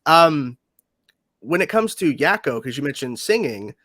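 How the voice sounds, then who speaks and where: A man's voice: on the high side, big pitch swings, measured pace, fairly bright tone, no echo, clean studio sound. A young man hosting a casual interview, asking questions with eager fan enthusiasm. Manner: eager fan, laughs often. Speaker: interview host.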